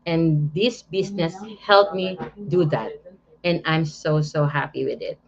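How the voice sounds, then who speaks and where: Shy Filipino-accented woman, halting English, low voice, muffled lo-fi audio. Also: a little hiss or hum. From Philippines. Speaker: guest giving a testimony.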